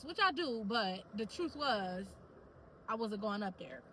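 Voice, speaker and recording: High, bright-voiced chatty woman vlogger. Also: normal speed, slight background noise, poor audio. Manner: animated, chatty storytelling with lots of slang. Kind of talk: casual talk to camera.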